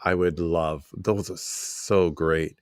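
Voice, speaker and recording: A man hosting an interview, relaxed and jokey as he asks his questions. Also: low-pitched, slow pace, clear, resonant tone. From New York. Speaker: podcast host. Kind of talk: casual interview chat.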